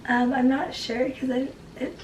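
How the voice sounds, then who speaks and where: Sick, hoarse young woman, chatty vlog. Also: high-pitched, little pitch movement, a little slow, far from the mic. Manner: chatty, rambling, lots of "like". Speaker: vlogger and mother. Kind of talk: casual home vlog talk. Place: home kitchen and garden. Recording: roomy, off-mic, household noise.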